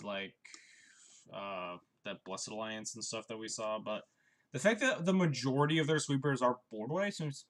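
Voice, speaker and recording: A young man commentating his own card game on a live stream, chatty and wry, thinking out loud. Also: mid-range voice.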